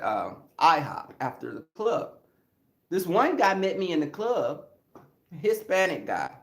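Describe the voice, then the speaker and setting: A man with a gravelly, fairly high voice spins comic stories with lively swings in pitch, laughing often and acting out the people in them. He speaks in a slow, drawn-out way. The sound is roomy and echoey. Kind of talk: comic storytelling. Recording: roomy echo.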